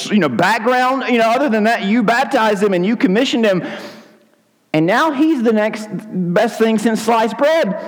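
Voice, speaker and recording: A man's voice: very high-pitched, voice pushed up. A man voicing a taunting gossip who mocks a fallen preacher with sing-song, needling questions. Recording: long hall reverb.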